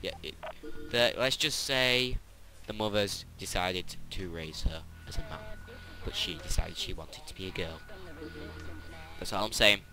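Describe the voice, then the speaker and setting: A man chats his way through a video game, joking and rambling and teasing himself. His voice is low, with a bright, forceful edge. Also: a little slow, long pauses. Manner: joking, rambling, self-mocking chatter. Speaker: let's play gamer. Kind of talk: casual gameplay commentary.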